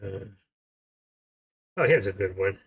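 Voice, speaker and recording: Older male host, husky, chatty and rambling, casual livestream talk. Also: deep voice, animated, slow pace.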